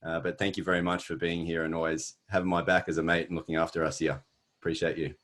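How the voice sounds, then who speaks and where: A man's voice: deep voice, level tone, fast, fairly bright tone. A middle-aged Australian man with an Australian accent, giving an earnest motivational webinar talk with many fillers and restarts. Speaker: webinar presenter. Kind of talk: motivational presentation.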